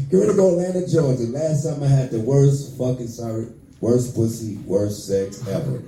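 A man in his fifties doing a profane, brash stand-up set, swinging between loud bursts and muttered asides. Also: medium pitch. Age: 50s. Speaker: stand-up comedian. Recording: echoey room, voice far from mic.

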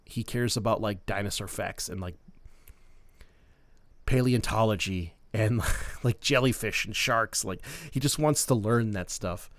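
A man's voice: lowish voice, a little slow, dry recording. A man in his thirties from Minnesota, hosting a podcast and telling his life story in an earnest, heartfelt way with many fillers. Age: 30s. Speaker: podcast host. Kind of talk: personal storytelling monologue.

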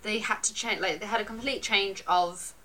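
A woman's voice: medium pitch, fairly even intonation, moderate pace, sharp tone, rough recording. A woman co-hosting a podcast, telling a true crime case in a casual chatty way. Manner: storytelling, reads out dates and facts. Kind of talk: casual chat, reading a case.

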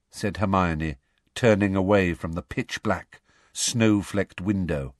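Low-voiced man reading a storybook. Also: takes it slowly, dry recording, clean studio sound. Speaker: audiobook reader. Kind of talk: storybook narration.

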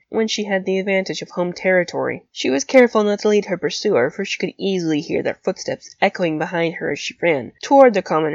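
A woman reads a story aloud in a steady, even storytelling voice of middle pitch. The recording is dry with no room sound and slightly dull in tone. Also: creaky, no room sound. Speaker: audiobook reader. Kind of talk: fan fiction audiobook narration.

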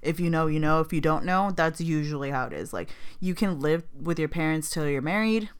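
A young woman co-hosting a casual podcast in a bubbly, playful way, quick to laugh and full of "like.". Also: sits low, clear, resonant tone. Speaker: podcast co-host.

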